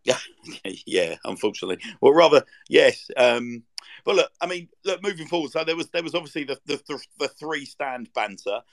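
A man's voice: a little high, expressive, moderate pace, creaky. A man co-hosting a casual football podcast, rambling through stories with plenty of ums and restarts. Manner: rambling, full of fillers and restarts. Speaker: podcast co-host. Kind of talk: casual chat.

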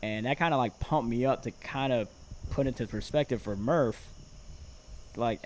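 A man's voice: medium pitch, normal speed, pauses often, a little mellow, slight background noise. A man chatting casually as a podcast guest, telling rambling stories with many fillers and laughs. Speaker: guest, former reality competition contestant.

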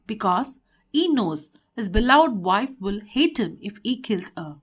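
Female storyteller for children, expressive and animated, higher voice with lively pitch.

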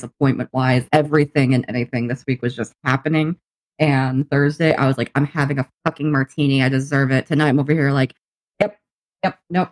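With a rumbling low voice, a young woman co-hosts a podcast and tells a story in casual conversation. She's animated, laughs a lot, and swears freely.

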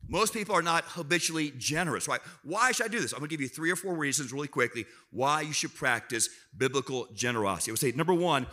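A man preaching as a guest speaker to a church congregation, lively and self-deprecating, prompting the crowd to answer. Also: a little high. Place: church auditorium.

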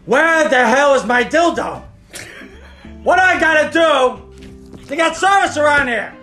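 A man doing a comedic impression of a gruff, belligerent older male movie tough guy, shouting crude complaints. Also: very high voice, lively intonation, a little slow, echoey room, faint music behind, pitched above the performer's own voice, full character voice.

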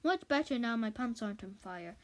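Woman reading a goofy curly-haired young man, cheerful and offhand, slightly high. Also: animated, brisk, lightly acted.

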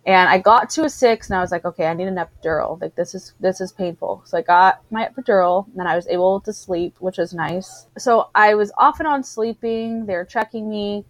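Brief: woman storyteller, lively, quotes others, dry close mic. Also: medium pitch, brisk, few pauses, dry recording. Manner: animated storyteller, acts out what others said. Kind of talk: casual chat, personal birth story.

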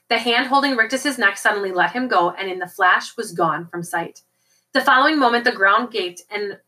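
A woman reading a novel aloud as an audiobook, in a steady storytelling manner. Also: medium pitch, rough recording. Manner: steady storytelling with occasional slips and restarts. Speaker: audiobook reader.

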